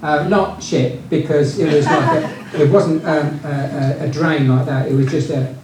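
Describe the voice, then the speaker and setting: Unhurried and fairly even in intonation, a man with a slightly high voice, a retired business founder, tells casual business stories, rambling with many fillers and restarts. The audio comes from a distant mic in a very echoey room, with faint noise.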